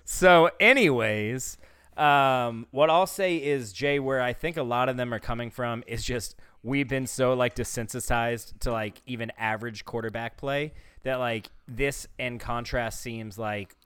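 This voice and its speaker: A man's voice: medium pitch, fairly even intonation, unhurried, hardly any pauses, a bit bright, clear, resonant tone, dry recording. Guy co-hosting a sports podcast, clean dry voice, says like a lot, swears. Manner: rambling, swears freely, fillers like "like". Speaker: podcast co-host. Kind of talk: casual sports chat.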